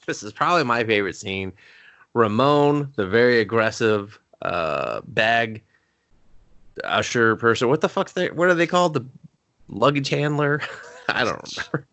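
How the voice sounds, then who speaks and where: A man's voice: medium pitch, animated, measured pace, long pauses, bright, forceful tone, smooth, no echo. A young adult man co-hosting a podcast, recapping a movie in casual, rambling chat with swearing and laughter. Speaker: podcast co-host.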